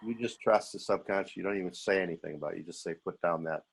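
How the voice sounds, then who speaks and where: Deep-voiced man asking questions on a call. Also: very fast, gravelly, husky. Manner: asks pointed follow-up questions. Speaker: meeting participant. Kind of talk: casual questions on a video call. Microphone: video call.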